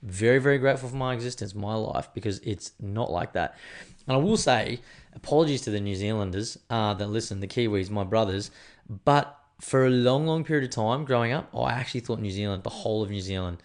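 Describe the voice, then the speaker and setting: Man, Australian accent, casual storytelling, animated delivery, swears freely, mid-range pitch. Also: a little fast. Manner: animated, swears freely, acts out quoted people.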